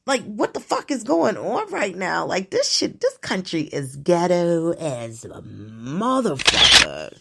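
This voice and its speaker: Woman host, solo casual rant, unhurried delivery with big swings in pitch, blunt and swearing freely. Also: vocal fry, husky. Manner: profane, blunt and animated, laughing often. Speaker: host of her own show. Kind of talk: casual monologue on current events.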